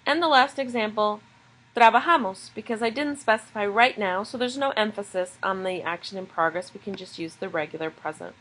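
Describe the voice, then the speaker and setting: A woman teaches a recorded video lesson. She explains each grammar point patiently and clearly, one step at a time, in a voice of ordinary pitch. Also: brisk, hardly any pauses, fairly bright tone, low-quality recording. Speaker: Spanish teacher.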